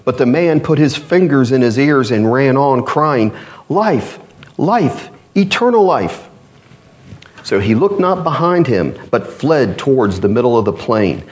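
A man's voice: expressive, moderate pace, few pauses, a little mellow. A man preaching a sermon, reading an old allegory aloud with dramatic rises on the characters' cries. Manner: reads old-fashioned text dramatically, rising pitch on cries.

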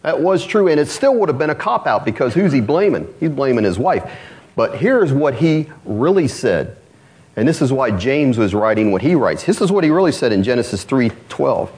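A male pastor delivers a sermon in a conversational, animated way, tossing rhetorical questions to his congregation. His pitch swings widely, from low asides to bright upward jumps, around a middle register. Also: moderate pace, husky.

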